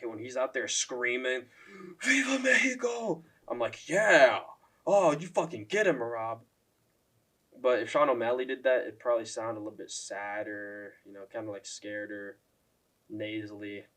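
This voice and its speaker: Profane young man ranting about fighters. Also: mid-range voice. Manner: profane, lots of "like" fillers, mocking impressions. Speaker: MMA commentary YouTuber. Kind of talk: casual ranking rant.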